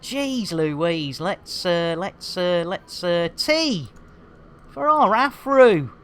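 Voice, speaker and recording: A woman's voice: lowish voice, very animated, very slow, slight background noise. A woman streaming a game, bantering with her chat in a jokey, bubbly way, full of silly rhyming catchphrases and cheeky innuendo.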